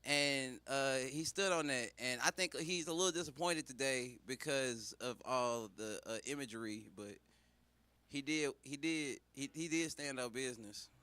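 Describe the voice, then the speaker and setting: A man's voice: medium pitch, normal speed, sharp tone, clean tone, no echo. A man doing a profane stand-up riff as a comedian, with preachy mock-sermon call-outs.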